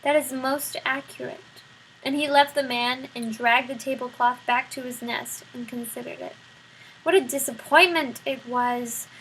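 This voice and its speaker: A woman reading a children's novel aloud, expressive and speaking straight to the listener. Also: a little high, normal speed, a little hiss or hum, low-quality recording. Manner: expressive, addresses the listener directly. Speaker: storybook reader.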